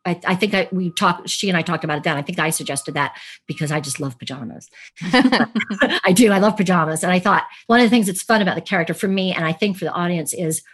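A woman's voice: lowish voice, quick pace, husky. A woman who is an actress and podcast guest, telling stories animatedly in a casual interview, laughing and acting out quotes.

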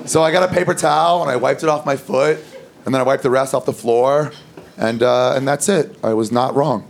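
A man's voice: mid-range voice, steady tone, brisk, vocal fry. A man doing a stand-up set, telling a crude, loose story. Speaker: stand-up comedian. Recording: live stand-up with loud crowd laughter.

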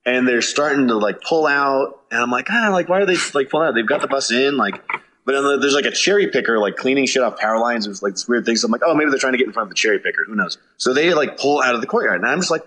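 A man casually telling a road story from a tour, animated and swearing, acting out his own shouts. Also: medium pitch, slight background noise. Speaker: touring musician.

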